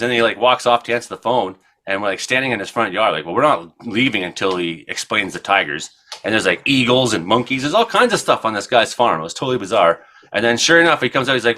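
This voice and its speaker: A man in his forties from Ontario hosts a casual radio show. His voice is bright and forward as he rambles from one odd news item to the next, full of "uh" and loose asides. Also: fairly low pitch, animated, fast. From Ontario, Canada. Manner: rambling storyteller, many fillers. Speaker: co-host. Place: radio studio.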